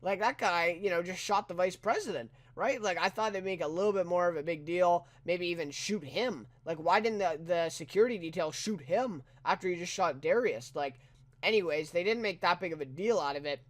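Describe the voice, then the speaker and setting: A man's voice: high voice, fairly quick. A man giving a casual, rambling spoken review of a TV episode, full of "you know" and "right?" with incredulous asides.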